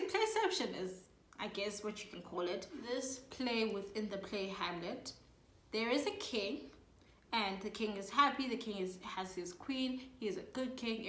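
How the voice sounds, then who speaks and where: A woman hosting her own channel, casually and jokingly retelling a play's plot in slangy asides, slipping into quick voices for the characters. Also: a little high, roomy sound. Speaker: channel host. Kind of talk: comedic casual plot summary.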